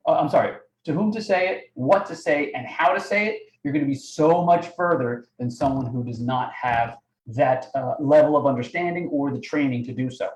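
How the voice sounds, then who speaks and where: An energetic man coaching a live online audience, his voice sitting a bit high. He keeps asking "right?" and "okay?". The sound is echoey, as if he is in a bare room. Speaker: webinar host. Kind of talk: live sales training talk.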